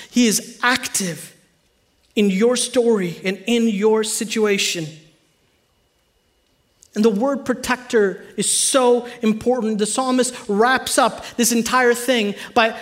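A pastor delivering an animated, conversational sermon to his congregation. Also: very high-pitched.

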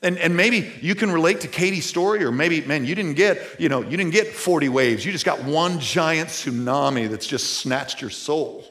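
A man preaching a sermon to a church audience in a casual, conversational way, full of fillers, swinging from loud to hushed. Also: on the high side, animated, moderate pace, hardly any pauses. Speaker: pastor.

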